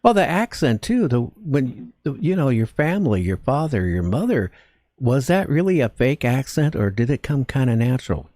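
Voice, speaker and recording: A man hosting a talk radio interview, asking halting questions with repeated words. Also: medium pitch, very animated, dark tone, no room sound, clean studio sound.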